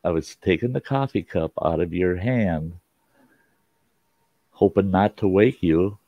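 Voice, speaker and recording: A man doing a teasing old grandma, gravelly. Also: deep voice, animated, unhurried, no room sound, full character voice. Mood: amused. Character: kindly older grandmother, playful and teasing. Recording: dull, lo-fi sound.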